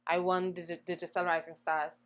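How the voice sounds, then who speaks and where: A young woman singer, a guest in an interview, telling her story in an animated way and acting out the voices she quotes. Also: lowish voice, brisk, noisy background. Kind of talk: conversational storytelling.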